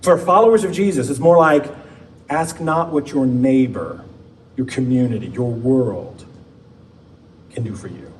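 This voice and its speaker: A man, a pastor, preaching a conversational sermon with playful asides and slow emphatic pauses in a church. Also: mid-range voice, a little mellow. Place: church sanctuary. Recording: distant mic with faint background noise.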